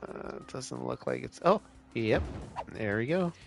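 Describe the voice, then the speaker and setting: Slow, gravelly-voiced man streaming a game. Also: medium pitch, expressive, soft background music. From California, US. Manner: laid-back, chatty, answers chat questions. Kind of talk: casual live-stream commentary while playing.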